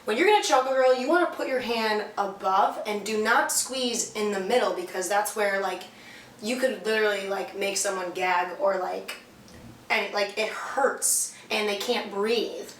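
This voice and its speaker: A woman's voice: mid-range voice, moderate pace, slight background noise. A young woman casually telling a candid, profane story as a vlog co-host. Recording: echoey room, mic far off.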